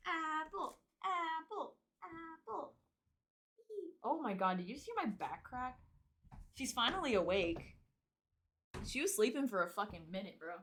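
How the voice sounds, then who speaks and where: A young woman streams from her room at home, chatting casually, poking fun at herself and swearing a lot. Her voice sits high with a fairly bright tone, but the mic is distant, so the sound is roomy, she drifts off-mic at times, and there's a little hiss or hum.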